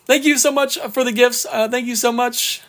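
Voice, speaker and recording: His voice is very high and a bit bright, with fairly even intonation. He's an exam prep tutor on a live stream, upbeat as he reads questions slowly one by one, often thanking viewers cheerfully, all through a bout of hiccups.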